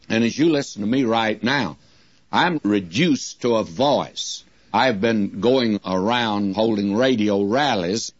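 An older man delivers a radio Bible sermon at an unhurried, deliberate pace, stretching out each quoted verse. His voice is dry and close, with no room echo. The sound is dull and muffled, like an old broadcast recording. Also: on the low side, husky. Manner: slows to a drawn-out crawl when quoting scripture.

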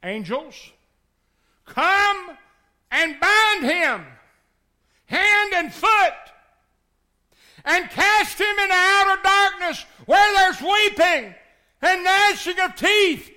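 A preacher as a stern divine judge. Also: male voice, very high-pitched, expressive, drawn-out words, long pauses, sharp tone, voice pushed up, full character voice. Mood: commanding. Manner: commanding, solemn.

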